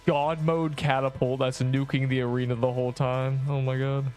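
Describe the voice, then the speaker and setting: Excitable male gaming streamer. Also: mid-range voice, moderate pace, soft background music. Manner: excitable, laughing, rambling asides. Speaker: livestreamer. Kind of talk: gameplay livestream commentary.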